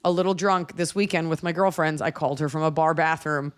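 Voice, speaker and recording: A woman hosting a comedy podcast, telling stories in animated casual chat and slipping into voices. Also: low-pitched, brisk. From lives in Los Angeles. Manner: animated storyteller, jumps into voices mid-story. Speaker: podcast host.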